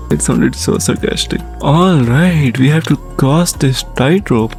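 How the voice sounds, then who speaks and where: A man giving casual let's-play commentary on his gaming channel, excitable and jokey, often panicking at what happens on screen. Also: on the high side, takes it slowly, creaky, hardly any pauses, soft background music.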